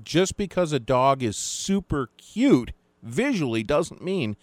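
A man's voice: fairly high pitch, big pitch swings, slow, a little mellow, dry recording. A man, the show's producer, chiming in with casual, self-deprecating banter. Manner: self-deprecating, chatty interjections. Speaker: show producer and co-host.

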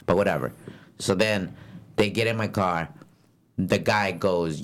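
A young man telling a story in a casual, profane chat, swinging into loud acted-out quotes. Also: low-pitched, measured pace, long pauses. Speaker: podcast co-host and rideshare driver.

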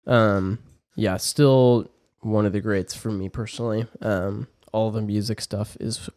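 A man's voice: fairly low pitch, steady tone, a little slow, a little mellow, no echo, clean studio sound. A young man co-hosting a casual podcast, speaking in an easygoing way with lots of hesitant fillers. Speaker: podcast co-host. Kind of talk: casual chat.

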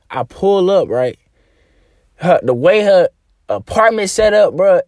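A man's voice: a little high, dry recording, studio quality. Slangy young man telling a story. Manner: slangy, animated, acts out phone dialogue. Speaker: podcast host. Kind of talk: casual storytelling monologue.

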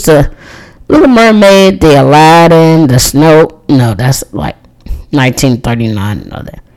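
In her thirties, this podcast host reviews movies in a rambling, friendly chat, laughing often. Her voice is low-pitched with a darkish tone, and the recording is rough.

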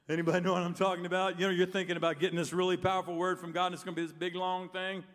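Older pastor telling stories to the church, lots of "anybody know what i'm talking about", reverby big room. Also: male voice, high-pitched, level tone, very fast, fairly bright tone. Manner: storytelling, asks the crowd questions. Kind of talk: sermon. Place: church sanctuary. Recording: long reverb of a big hall.

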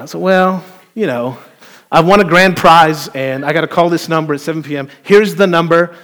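A man preaching a sermon as pastor, telling a story with playful, animated asides to the congregation. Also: fairly high pitch, normal speed. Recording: long hall reverb.

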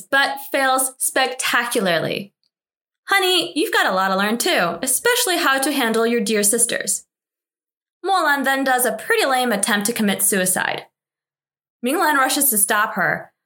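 A woman's voice: fairly high pitch, sharp tone. A woman hosting a drama recap, narrating scripted commentary in a wry, chatty, lightly sarcastic way.

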